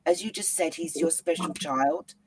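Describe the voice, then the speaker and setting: A woman hosting an interview, speaking gently and encouragingly and repeating her reassurances. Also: low voice, moderate pace, noisy background. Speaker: host. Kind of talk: supportive interview.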